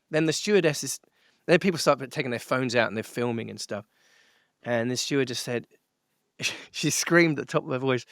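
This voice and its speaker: A middle-aged man recounts a story as a podcast guest, laughing often and tripping over fillers and restarts. His voice sits at an ordinary pitch for a man. The sound is close and dry, with no room around it. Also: normal speed, fairly bright tone, smooth, no echo. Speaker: guest musician.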